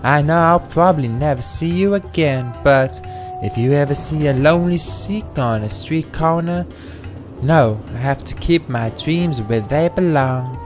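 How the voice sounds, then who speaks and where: A man's voice: a little high, a little slow, soft background music, close to an everyday voice. A man voicing a reformed female thief with a put-on Southern drawl and folksy dialect. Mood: humble.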